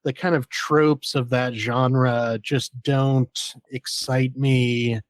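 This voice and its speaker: Male guest critic, hesitant and unhurried, mid-pitched voice, dry recording. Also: little pitch movement, no echo. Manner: halting, hesitant, restarts words. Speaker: podcast guest, film critic. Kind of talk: casual film review chat.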